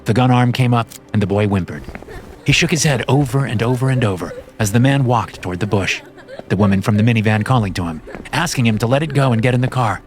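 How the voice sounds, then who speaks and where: A man narrating a horror story in a measured, steady scripted reading. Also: mid-range voice.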